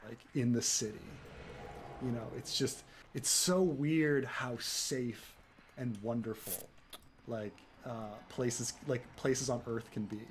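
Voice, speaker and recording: A man's voice: mid-range voice, steady tone, slow pace, slight background noise. A man from the United States chatting casually, rambling with lots of fillers and restarts and swearing freely. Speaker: gaming streamer chatting. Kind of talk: casual chat.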